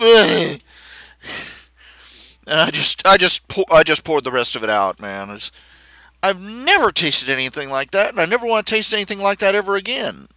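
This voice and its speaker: A male streamer telling a long-winded anecdote, doubling back on his words and piling on asides. His voice is bright and pushed forward. The sound is close and dry, with no room echo. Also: high-pitched, clean tone. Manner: chatty, self-interrupting, animated anecdotes with restarts. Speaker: livestream host. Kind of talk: rambling casual storytelling.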